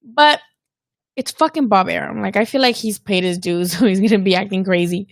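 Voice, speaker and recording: A woman's voice: medium pitch, brisk, dry recording, clean studio sound. A woman hosting a casual live-stream about boxing, talking candidly with plenty of swearing and bits of Spanish slang. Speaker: boxing channel host.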